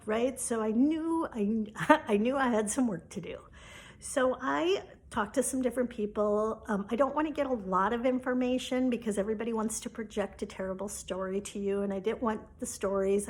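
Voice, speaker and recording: A woman tells a personal story in a relaxed, chatty way. She sits in a middle register and often fills her sentences with "like" and "right?". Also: mid-range voice, fairly quick, few pauses. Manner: casual, chatty retelling with quoted dialogue and frequent "like". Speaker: spiritual coach.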